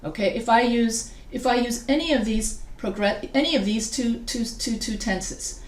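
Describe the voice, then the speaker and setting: A woman's voice: fairly high pitch, moderate pace. Chatty woman teacher in an echoey room. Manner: chatty and digressive, with frequent restarts. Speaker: writing teacher. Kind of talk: casual recorded grammar lecture.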